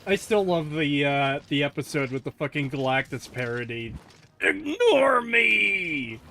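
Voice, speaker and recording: A man's voice: mid-range voice, fairly even intonation, moderate pace, a bit bright, slight background noise. A man in casual chat on a game stream, talking loosely with fillers and swearing.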